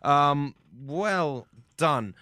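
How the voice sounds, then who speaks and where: A man's voice: a little high, expressive, pushed and bright, no room sound. Guy hosting a comedy podcast, teasing, dry close sound. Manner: quick, teasing questions. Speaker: podcast host. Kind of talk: casual comedy chat.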